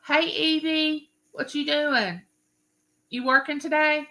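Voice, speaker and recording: A woman's voice: high voice, fairly even intonation, takes it slowly, pushed and bright, poor audio. An older woman from Mississippi, hosting a rambling live stream and greeting viewers by name.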